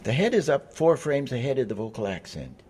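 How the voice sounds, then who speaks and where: A man reading scripted narration for an instructional video, measured and explanatory. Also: medium pitch, very animated, darkish tone, slightly rough.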